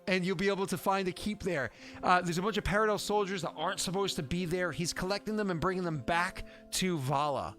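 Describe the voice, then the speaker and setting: A man's voice: high-pitched, brisk, few pauses, fairly bright tone, soft background music. A man running a tabletop game on a stream, rambling and chatty with plenty of filler words. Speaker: game master.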